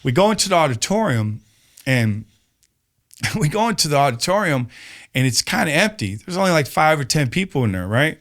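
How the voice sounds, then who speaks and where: Guy spinning a story on a podcast, gets loud and high acting out other people, lots of "man" and "right?". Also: moderate pace. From Chicago, USA. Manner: animated storyteller, acts out quotes with rising pitch, many fillers. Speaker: podcast guest. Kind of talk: storytelling in casual conversation.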